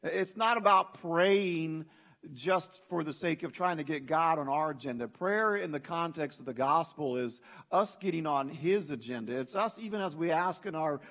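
A man preaching a sermon as pastor, with a voice pitched fairly high for a man. He talks in an emphatic, conversational way and addresses the congregation directly. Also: lively intonation, moderate pace, fairly bright tone. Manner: conversational preaching, emphatic, frequent "hey" and "you know".

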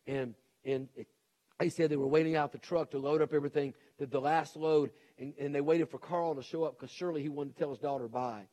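Middle-aged male pastor, slightly high voice, urgent earnest sermon delivery. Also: fairly even intonation, a little fast, warm tone. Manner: earnest and pleading, with repeated urgent appeals.

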